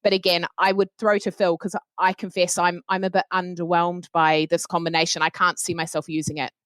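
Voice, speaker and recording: A woman with a New Zealand accent talks through trial results in a roundtable, frank and measured. Her voice sits a little low. The sound is dry and close. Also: flat delivery, fairly bright tone, no echo. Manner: frank and measured, careful with drug names. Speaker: oncologist. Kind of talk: roundtable discussion.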